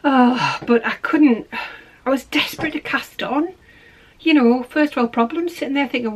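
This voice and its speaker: A woman's voice: high voice, moderate pace, breathy edge, rough recording. A woman hosting a podcast in a casual, rambling, self-deprecating chat. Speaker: podcast host.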